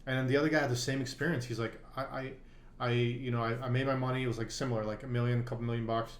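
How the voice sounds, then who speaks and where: A man co-hosting a poker podcast, telling a long story in loose casual conversation. He rambles, piles up fillers and false starts, and speaks at a middle pitch. His voice bounces around an echoey room. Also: steady tone, racing.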